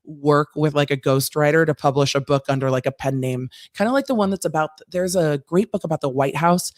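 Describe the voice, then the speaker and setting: An American woman, a former trial lawyer, hosting a live-stream and chatting through viewer comments with quick asides. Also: low voice, no room sound, studio quality. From United States.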